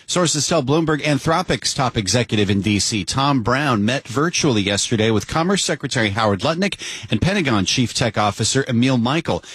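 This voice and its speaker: Lively male radio news anchor, dry studio. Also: mid-range voice, no echo. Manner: crisp, measured newsreading. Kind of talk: scripted radio news reading. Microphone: studio microphone.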